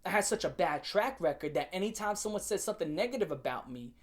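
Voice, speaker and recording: A man's voice: high-pitched, animated, quick pace. A young man telling a story from his school days to his viewers as a heated, profane rant full of slang, addressing them directly and repeating himself.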